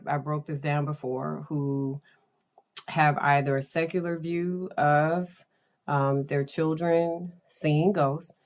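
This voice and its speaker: A woman hosting her own podcast, talking in a chatty, enthusiastic way and laughing often. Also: low voice. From United States. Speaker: podcast host. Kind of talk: casual podcast talk.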